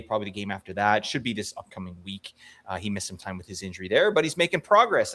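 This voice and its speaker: A man co-hosting a fantasy hockey podcast, chatting casually in an animated, joking, rambling way. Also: medium pitch. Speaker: co-host.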